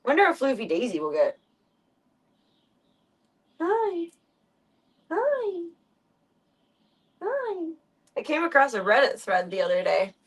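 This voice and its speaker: Young woman on a live stream, talking to her cats, chatty and easygoing, goes all high and cooing with the pets sometimes. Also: big pitch swings, quick pace, hardly any pauses. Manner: chatty, slips into high baby talk with the cats. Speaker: streamer caring for pet cats. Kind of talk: casual live-stream chat.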